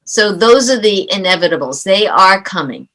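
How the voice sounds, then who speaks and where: Bright-voiced woman parenting coach. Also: mid-range voice, normal speed, poor audio. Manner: animated storyteller who acts out quoted dialogue. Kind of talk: conversational interview.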